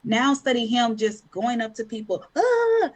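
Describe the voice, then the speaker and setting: A woman, a podcast guest and mother, telling stories in a casual, animated way, acting out quotes with bursts of laughter. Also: a little high, moderate pace, no room sound. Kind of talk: casual conversational storytelling.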